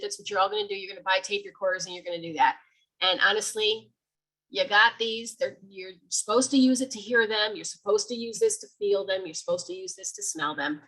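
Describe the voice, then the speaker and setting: Brief: woman, medium leading a casual library talk, husky voice, lively and chatty. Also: medium pitch, rough recording. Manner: chatty, animated, acts out sounds.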